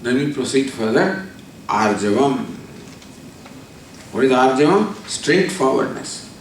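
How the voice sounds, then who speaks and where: A man, giving a spiritual discourse. He tells a story and then explains Sanskrit terms slowly, repeating them. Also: mid-range voice, sing-song. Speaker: spiritual teacher. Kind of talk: discourse on scripture. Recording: echoey hall from far off, faint noise.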